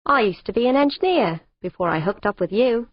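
Woman doing a big gruff Australian man. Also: on the high side, animated, fairly quick, dry recording, pitched above the performer's own voice. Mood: grumbling. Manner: blunt, grumbling. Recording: dull lo-fi audiobook recording.

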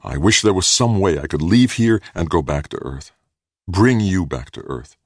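A man's voice: extremely low pitch, sing-song, normal speed, creaky, no echo, studio quality, full character voice. A man reading aloud voices a weary, troubled man in an audiobook, speaking in earnest.

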